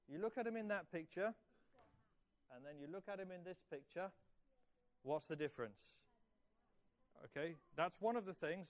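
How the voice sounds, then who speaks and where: A man in his fifties telling a children's story in church, asking the kids questions and praising their answers. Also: high voice. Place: church hall.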